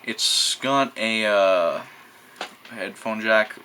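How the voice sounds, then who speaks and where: Unhurried and sharp in tone, a teenage boy with a fairly low voice rambles through a show-and-tell vlog about a gadget, with slight background noise. The New Mexico teen hesitates often, uses many fillers, and swears and slangs freely.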